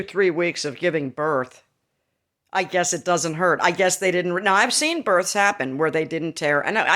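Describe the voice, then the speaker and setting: A woman's voice: lowish voice, fairly bright tone. A woman in her fifties telling a candid, rambling personal story to her viewers, with laughing asides. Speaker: vlogger. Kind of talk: casual storytelling to camera.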